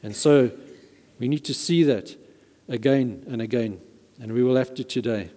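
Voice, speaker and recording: Emphatic preacher in a reverberant church. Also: male voice, medium pitch, normal speed, warm tone. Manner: emphatic, repeats words for stress. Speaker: pastor. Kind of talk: sermon. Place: church hall.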